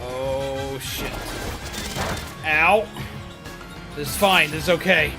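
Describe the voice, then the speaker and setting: A man streaming a video game, talking casually and breaking into animated, profane shouted rants. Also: a little high, slow pace, over music. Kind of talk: casual live-stream commentary.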